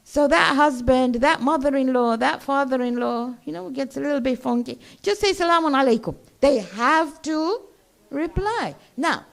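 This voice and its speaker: Woman lecturer, slightly high voice, conversational, explains to her audience and asks them to follow along. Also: measured pace, gravelly. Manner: conversational, checks in with listeners. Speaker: religious lecturer. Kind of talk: religious lecture to a gathering.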